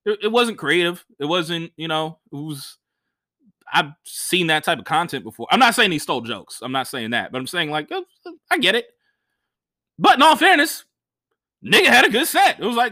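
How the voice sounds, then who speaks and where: A man, a stand-up comedian, telling a profane story in a casual, animated way and acting out what other people said. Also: on the high side, normal speed, pauses often, no room sound, clean studio sound.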